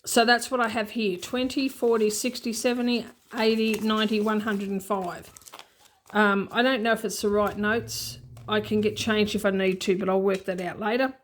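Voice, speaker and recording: A woman's voice: medium pitch, little pitch movement, normal speed, slight background noise. An Australian woman chatting casually and unscripted as a budgeting vlogger at home, rambling and repeating herself as she goes. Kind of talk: casual unscripted vlog chat. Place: at home with her cat nearby.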